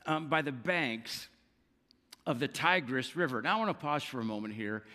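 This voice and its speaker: Animated male preacher in an echoing hall. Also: mid-range voice, normal speed. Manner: animated storyteller, acts out quoted lines. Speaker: pastor. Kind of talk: sermon.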